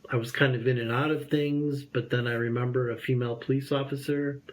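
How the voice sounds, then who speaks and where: A man in his fifties, a guest telling a personal story in an interview, lively and acting out the voices he remembers. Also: medium pitch, a little fast. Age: 50s.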